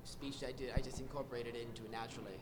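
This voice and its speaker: A man on a convention panel, chatting casually with a voice worn from days of yelling, acting out film quotes with animation. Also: mid-range voice, level tone, very fast. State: strained voice from yelling.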